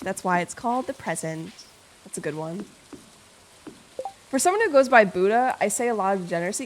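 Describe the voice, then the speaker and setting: A young woman with a mid-range voice streams and chats casually with her chat, playful and rambling. She swears freely and reads messages aloud.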